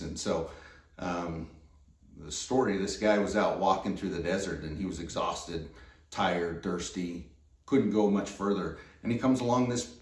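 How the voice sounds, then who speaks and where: A man casually talking through his gear in a relaxed, rambling way, full of fillers and restarts. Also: sits low. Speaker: vlogger reviewing gear. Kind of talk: casual product talk. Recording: roomy, distant mic.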